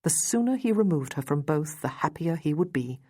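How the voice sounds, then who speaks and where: A woman narrating a historical romance audiobook in an even, measured reading. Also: low-pitched, slightly rough, no room sound, studio quality. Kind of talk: scripted narration.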